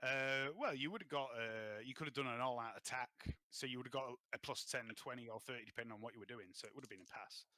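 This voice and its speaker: A man's voice: mid-range voice, fast talker, few pauses, pushed and bright, no room sound. A man casually running a tabletop role-playing game, hesitant with many ums and given to swearing. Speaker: game master.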